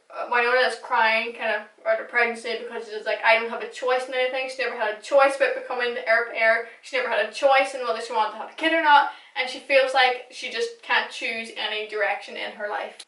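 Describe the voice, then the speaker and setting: A young woman chats her way through a fan recap, gushing and dropping the odd swear word. Her voice is bright and sits a little high. She is heard from a few steps back, in a room with plenty of echo. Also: fairly even intonation, fairly quick. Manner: gushing, chatty, swears casually. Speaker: recap vlogger. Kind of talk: casual fan recap monologue. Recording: echoey room, distant mic.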